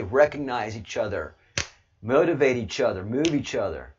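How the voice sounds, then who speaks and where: An American man hosting his channel in a casual, rambling livestream monologue, excitable and swinging from low mutters to loud outbursts. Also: normal speed, dull audio, background noise. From United States. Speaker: channel host.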